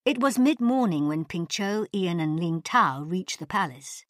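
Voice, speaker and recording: A woman narrating an audiobook in a measured storytelling manner. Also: on the low side, lively intonation, no echo, clean studio sound. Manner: measured storytelling, voices characters. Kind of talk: scripted narration.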